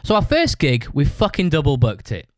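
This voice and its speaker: A man's voice: a little high, wildly swooping pitch, moderate pace, no room sound, clean studio sound. A young British man hosting his own podcast, telling a rambling, sweary story in a casual way and laughing as he talks. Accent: British English. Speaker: podcast host.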